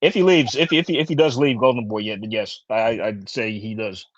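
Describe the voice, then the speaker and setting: A man in a casual podcast chat talks very fast and animatedly, full of slang. The sound is dry and a little dull, with no room around it. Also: medium pitch, steady tone, no room sound.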